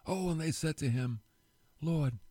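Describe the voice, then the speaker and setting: A man giving a casual sermon, telling a Bible story with rhetorical questions and quick voiced asides. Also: a little high, sing-song, darkish tone, dry recording. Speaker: preacher.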